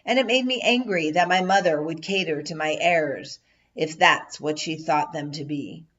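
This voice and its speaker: Woman narrator, memoir audiobook, low voice, measured telling, muffled lo-fi sound. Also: a little hiss or hum. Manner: measured storytelling, lifts into quoted shouts. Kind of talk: first-person memoir narration. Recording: dull lo-fi audio.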